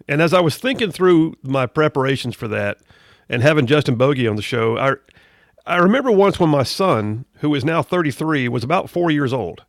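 A middle-aged male radio host with a gravelly, creaky voice gives a folksy studio monologue, talking conversationally and drifting into preachy asides. The sound is dry and close, with no room around him. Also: on the high side, dry recording.

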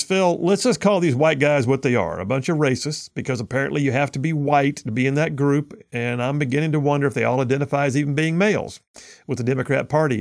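A man's voice: mid-range voice, vocal fry, no echo, clean studio sound. A man hosting a political talk radio show in an emphatic, folksy, sarcastic way. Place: radio studio.

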